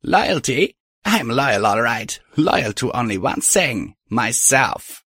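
A man's voice: medium pitch, very animated, slow pace, a bit bright, breathy edge, dry recording, clean studio sound, voice pushed up, full character voice. A man reading a story and voicing a coy, smug female alicorn pony villain who mocks lazily. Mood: menacing. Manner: teasing, lazily mocking. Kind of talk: audiobook reading of fan fiction.

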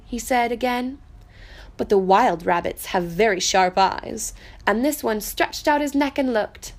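A woman reading a children's storybook aloud in a gentle, soft, unhurried way. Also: fairly high pitch.

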